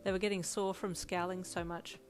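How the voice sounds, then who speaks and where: A woman reading a second-person fanfiction story aloud in an even storytelling manner. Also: fairly low pitch, a little fast, soft background music. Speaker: fanfic reader.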